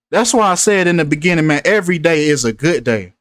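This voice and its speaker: A man's voice: a little high, animated, fairly quick, hardly any pauses, a bit bright, no echo. A man hosting a casual commentary, preachy in tone and repeating himself for emphasis. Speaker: host.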